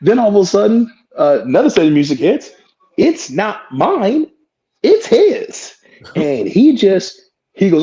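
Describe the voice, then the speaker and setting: A husky, mellow-voiced man who talks fairly high and swings his pitch around, telling a story. He swears freely and acts out what people said. The sound is dull and lo-fi. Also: measured pace. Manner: profane, animated, acts out quotes. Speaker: wrestler guest. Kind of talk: animated storytelling.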